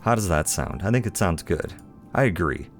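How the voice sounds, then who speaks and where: This let's play host has a deep voice with lively intonation and a moderate pace, and soft music plays in the background. As he games, he keeps up casual, playful chatter, talking to himself and teasing himself with self-deprecation.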